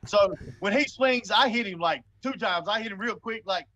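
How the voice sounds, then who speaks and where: A forty-something man with a high, tense, bright voice. He is a guest on a live show, spinning a rowdy story in a blunt, swearing, chatty way and laughing often as he goes. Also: normal speed, highs cut off. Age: 40s. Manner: animated, laughs often while telling. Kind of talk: casual storytelling.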